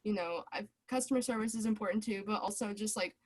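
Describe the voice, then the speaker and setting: A woman's voice: medium pitch, fast, darkish tone. Young woman, student, video call, chatty storytelling, acts out dialogue.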